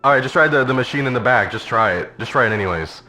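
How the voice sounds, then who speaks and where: Brief: gruff, impatient male cabbie, put on by a man, quick and sharp, curt orders. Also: medium pitch, animated, faint music behind. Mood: grumbling. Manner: snapping, curt. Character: irritable male taxi driver, gruff and impatient.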